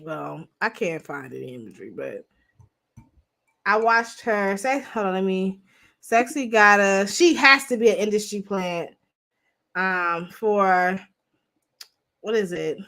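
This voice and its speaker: A woman's voice: medium pitch, slow pace, creaky, pauses often, fairly bright tone. A young woman hosting a livestream, chatting bluntly and profanely to her viewers. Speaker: livestream host. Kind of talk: casual livestream commentary.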